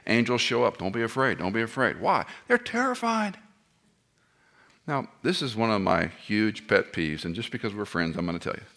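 A man preaching an expository sermon, animated, firing rhetorical questions at the audience and dropping joking asides. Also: on the low side.

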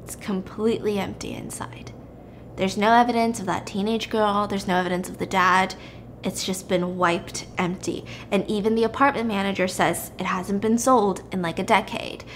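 A young woman retelling a story in a chatty, animated way, full of "like", as a podcast host. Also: medium pitch, moderate pace, a little hiss or hum. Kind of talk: casual story recap.

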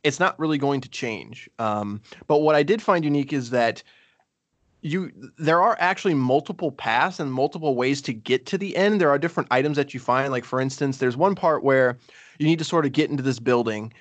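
A man's voice: medium pitch, a little fast, no echo. A man co-hosting a casual game review chat, rambling with many fillers and restarts. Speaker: podcast co-host.

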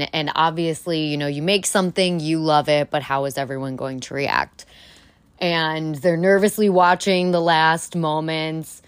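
Low-voiced gossipy woman podcaster. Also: dry recording. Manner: gossipy, animated, swears casually. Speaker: podcast host. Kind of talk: casual solo podcast chat.

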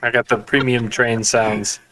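A man's voice: mid-range voice, level tone, unhurried, sharp tone. A man co-hosting a casual podcast chat with playful, self-mocking banter. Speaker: podcast co-host.

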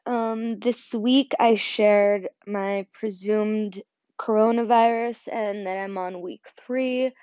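A woman's voice: mid-range voice, steady tone, takes it slowly, mellow, no echo. A young woman hosting a solo podcast, talking casually with many fillers and getting choked up at times. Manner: emotional, choked up. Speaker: podcast host. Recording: dull dry audio.

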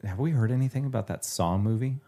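A man joking deadpan as a podcast co-host, swearing casually in loose chat. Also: medium pitch, fast talker. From Iowa.

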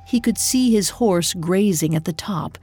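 Slow husky woman telling a legend. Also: medium pitch, warm tone, no room sound. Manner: measured, deliberate storytelling. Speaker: narrator. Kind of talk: scripted storybook narration.

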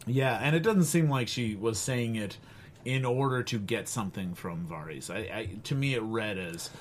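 A man's voice: fairly low pitch, expressive, normal speed, a little hiss or hum. A man co-hosting a casual podcast who laughs often while giving his take. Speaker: podcast co-host. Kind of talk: casual chat.

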